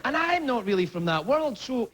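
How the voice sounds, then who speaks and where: A man's voice: very high voice, sing-song, normal speed, background noise. A Scottish man in his forties, a late-night host telling rambling comic stories and often interrupting himself with laughter. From Scotland. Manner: rambling, self-interrupting storytelling with frequent laughs. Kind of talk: comedic monologue.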